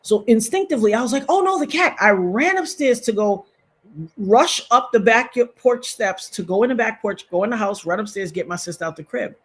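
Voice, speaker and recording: A husky, breathy woman in her fifties tells a personal story on her livestream. She speaks to her viewers directly, circles back and repeats herself, and grows emotional as she goes. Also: medium pitch, expressive, normal speed. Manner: emotional, repetitive, talks straight to viewers. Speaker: livestream host.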